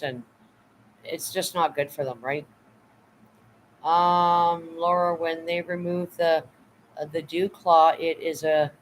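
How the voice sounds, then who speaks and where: A man's voice: fairly high pitch, fairly bright tone, a little hiss or hum, low-quality recording. A tired man chatting casually on a livestream, rambling and blunt, swearing now and then while reading out chat. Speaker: vlogger reading live chat.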